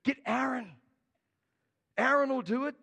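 Reluctant protesting old prophet, higher voice, hall echo, a man putting him on. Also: unhurried, creaky, pushed and bright, husky, exaggerated voice. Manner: pleading, protesting. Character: reluctant, excuse-making old male prophet.

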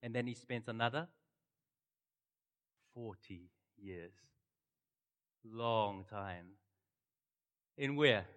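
A middle-aged man preaching a sermon and telling the story with animated swings from loud to hushed. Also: mid-range voice, takes it slowly, pauses often, clear, resonant tone, big-room sound. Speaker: pastor.

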